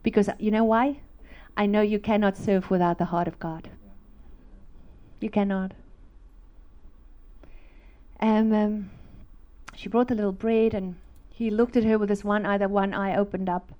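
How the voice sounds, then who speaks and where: A middle-aged woman, telling a fervent church testimony in an animated, storytelling way. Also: mid-range voice, unhurried, pauses often, muffled recording. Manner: animated storytelling, laughing, acting out voices; fervent, preaching. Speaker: speaker giving a testimony.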